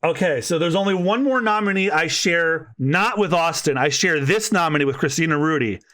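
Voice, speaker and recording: Male podcast co-host, bright and lively, rambling casual chat. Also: a little high, moderate pace. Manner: animated, rambling, laughs as he talks.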